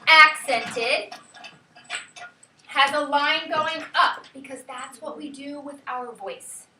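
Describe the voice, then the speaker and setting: High, bright-voiced woman teacher. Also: slow, slight background noise. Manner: lively, sing-song calling out of words. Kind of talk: classroom lesson. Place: classroom. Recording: echoey classroom from far off.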